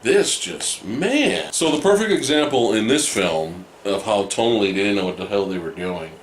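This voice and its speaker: Brief: male podcast host, loose and profane, lively pitch, roomy echo. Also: moderate pace. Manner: animated, swearing, laughing, acting out scenes. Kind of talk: casual film review chat. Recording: echoey room, faint noise.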